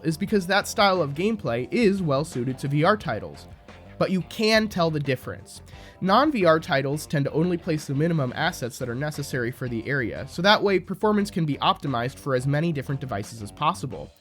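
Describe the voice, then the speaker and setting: A man with a slightly high voice delivers scripted commentary, critical and sarcastic in tone. Faint music plays quietly underneath him. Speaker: video essayist.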